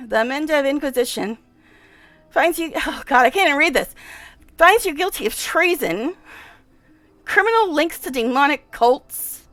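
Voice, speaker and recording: A woman's voice: high voice, expressive, measured pace, long pauses, fairly bright tone, dry recording. A woman reading as a stern male inquisitor. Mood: formal.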